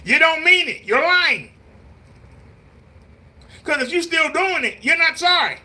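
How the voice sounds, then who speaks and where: A man speaks in a bright, high voice, lecturing his live-stream viewers. His talk is preachy and repetitive. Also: animated, measured pace. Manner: mimics voices in quotes. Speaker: vlogger.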